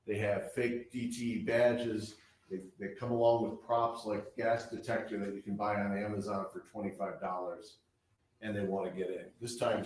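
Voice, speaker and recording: A man giving a courtroom opening statement as prosecutor, laying out events step by step in a measured way. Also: fairly low pitch, a little mellow. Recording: echoey courtroom from far off.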